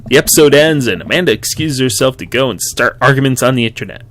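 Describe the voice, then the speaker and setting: A gaming YouTuber with a mid-range, slightly bright voice reads through a dating game in a let's-play, talking quickly with lively intonation. He's chatty and wry, laughs often, and keeps tossing in asides.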